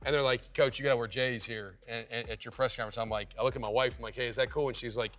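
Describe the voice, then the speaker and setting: A man's voice: medium pitch, steady tone, fairly bright tone. Laid-back coach guy in his 40s, just chatting thru a tour, bit of music under. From Kentucky. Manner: easygoing storyteller, quick asides. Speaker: head football coach. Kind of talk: casual interview and facility tour.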